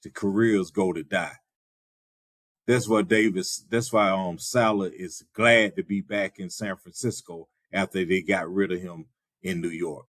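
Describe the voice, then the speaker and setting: A man co-hosting a sports podcast in casual chat, measured and dryly sarcastic. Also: low voice, fairly even intonation, a bit bright, no echo, studio quality. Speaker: podcast co-host.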